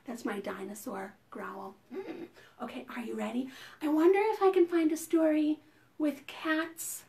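A woman children's librarian leading preschool storytime. Her voice sits high and she speaks slowly and deliberately, with animated, sing-song chanting of rhymes and picture-book narration. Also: creaky, background noise.

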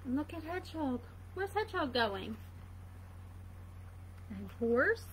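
A woman's voice: high voice, sing-song, slow, a bit bright, a little hiss or hum, low-quality recording. A woman reading a picture book aloud to children, asking playful questions about the pictures. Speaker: reader for children.

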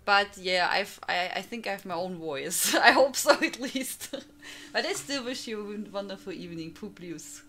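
A woman's voice: medium pitch, expressive, a little slow, sharp tone. A woman from Germany with a strong German accent, chatting casually on a live stream, greeting viewers by name and laughing often.

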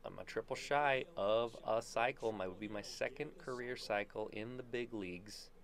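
A man giving live gameplay commentary for his channel, excitable and joking, with playful trash talk. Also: medium pitch, normal speed. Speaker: gaming YouTuber.

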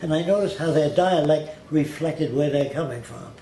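Fairly high in pitch but dark in tone, this older man speaks at a normal speed. Bluntly and conversationally, he recounts episodes from his life and now and then imitates the accents of others when quoting them. There's a faint background hiss, and the room sounds spacious.

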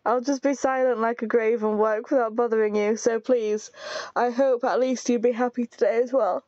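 A woman's voice: on the high side, fairly even intonation, normal speed, a little mellow, dry recording, dull audio, lightly acted. A woman reading a timid, clingy young man from a game, pleading and apologetic.

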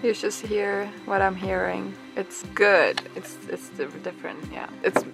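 Young woman vlogger, casual and playful, mid pitch, music bed under her. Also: fairly even intonation, measured pace, creaky, a bit bright, low-quality recording. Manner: chatty, playful, laughs between phrases. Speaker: music production student vlogger. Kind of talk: casual vlog chat. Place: home recording setup, indoors. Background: music playing underneath.

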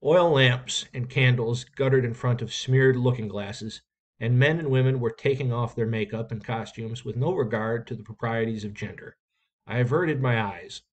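A man's voice: medium pitch, moderate pace. Man reading a story aloud steadily. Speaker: reader.

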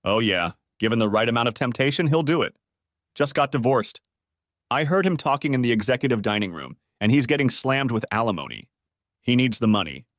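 Narrator guy playing a greedy schemer man, persuasive, hushed plotting tone, lively pitch, audiobook. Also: fairly quick, no room sound, clean studio sound, lightly acted. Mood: scheming.

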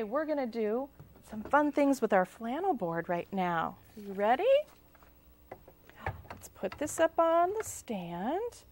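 A woman reading picture books aloud to children at a library storytime, sing-song and asking them questions. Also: a little high. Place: public library. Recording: local cable TV taping.

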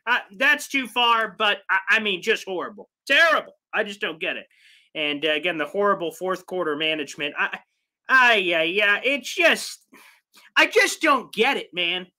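Bright-voiced, fired-up sports fan host. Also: male voice. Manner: fired-up and exasperated, swings between loud rants and low mutters. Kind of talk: live fan reaction show.

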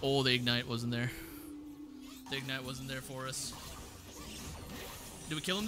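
A man's voice: medium pitch, steady tone, a little slow, pauses often, over music. A man giving live gameplay commentary as a streamer, slangy and casual, calling his viewers boys and bro and repeating his own phrases. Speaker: gaming streamer.

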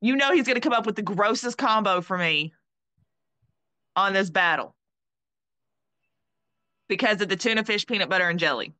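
A woman's voice: mid-range voice, lively intonation, normal speed, long pauses, pushed and bright, no echo. A woman chatting in an easygoing, joking way. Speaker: livestream guest. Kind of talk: casual chat.

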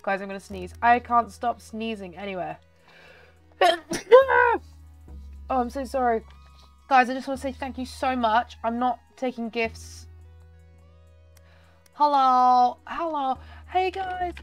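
A woman chatting excitedly through gameplay commentary, her voice nasal and slightly hoarse. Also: a little high, moderate pace, dry recording, faint music behind. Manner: chatty and excitable, talking to viewers. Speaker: gaming channel host.

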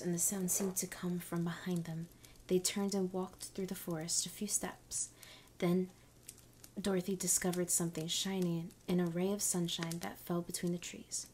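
A woman reads a storybook as whispered role-play ASMR, her voice mostly an unvoiced whisper. She keeps an even, unhurried pace. A faint hiss sits behind her. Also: on the low side. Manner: soft-spoken, unhurried reading.

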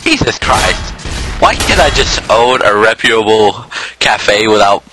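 A man's voice: fairly low pitch, lively intonation, unhurried, music in the background. A young man in casual game voice chat, bossing his friends around and telling them to listen. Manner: bossy, urging everyone to listen. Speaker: gamer in group voice chat. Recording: noisy voice-chat mic.

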